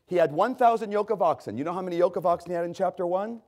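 A man preaching a sermon with emphatic, drawn-out stresses, asking the congregation questions and answering them himself. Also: sits high. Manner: lively, emphatic delivery with rising, drawn-out stresses.

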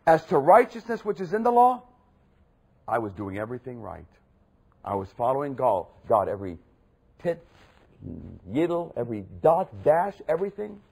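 A boastful, zealous ancient apostle, put on by a husky-voiced preacher, his pitch leaping up with pride. He crows about his own perfection in a sermon retelling. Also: big pitch swings, moderate pace, mellow, exaggerated voice. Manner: boastful, first-person testimony.

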